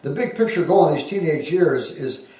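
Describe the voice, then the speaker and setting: A man's voice: fairly high pitch, lively intonation, warm tone. Earnest male pastor preaching in an echoey hall. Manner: earnest, emphatic preaching with slow, weighty phrases. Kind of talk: sermon. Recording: very echoey hall, heard from a distance.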